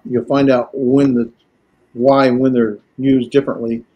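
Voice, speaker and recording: A man teaching a language class, lecturing in a halting way with many filler pauses. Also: medium pitch, flat delivery, warm tone. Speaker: Greek teacher.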